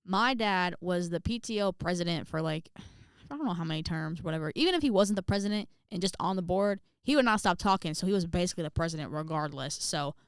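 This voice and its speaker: Chatty young woman with a smooth voice. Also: on the low side, a little fast, no room sound, clean studio sound. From Indiana, USA. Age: young adult. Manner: chatty, animated, many fillers, acts out quotes. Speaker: vlogger. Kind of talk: casual storytelling to camera.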